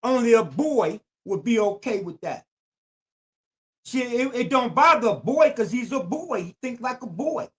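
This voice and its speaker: A man's voice: extremely high pitch, lively intonation, unhurried, fairly bright tone. Older man preaching in AAVE. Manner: preachy, repetitive, emphatic. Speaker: YouTube channel host. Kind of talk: streetwise commentary monologue.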